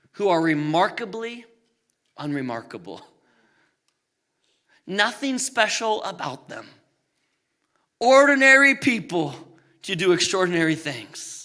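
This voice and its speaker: Bright-voiced animated preaching man. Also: slow, long pauses. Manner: animated preaching with humorous asides; swings between loud emphatic peaks and quiet low passages. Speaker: pastor. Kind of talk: sermon.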